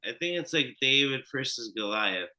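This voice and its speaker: Bright-voiced man talking sports bets. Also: medium pitch, animated, moderate pace, poor audio. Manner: loose, profane, repeats himself. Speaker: podcast co-host. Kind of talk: casual sports betting chat.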